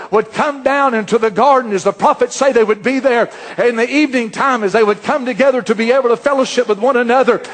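A man preaching a fervent sermon, often rising to shouts. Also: extremely high pitch.

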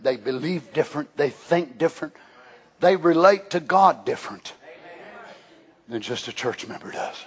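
An older man preaching a fervent sermon as pastor in a church, shouting at times and dropping to hushed tones. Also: fairly high pitch. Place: church sanctuary.

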